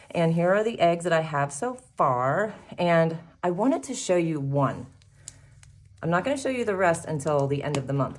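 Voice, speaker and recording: A woman with a fairly low voice chats to her viewers as she works through a savings challenge, upbeat and quick to laugh. She sounds a little out of breath. A faint hiss of background noise sits under her voice. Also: darkish tone. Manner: chatty, upbeat, laughs often, counts aloud. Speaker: savings challenge video host. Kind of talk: casual chat to viewers while doing crafts.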